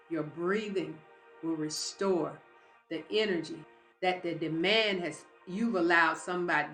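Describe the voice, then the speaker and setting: A woman's voice: medium pitch, sharp tone. Female motivational speaker, emphatic and preacher-like; roomy recording. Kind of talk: live motivational talk.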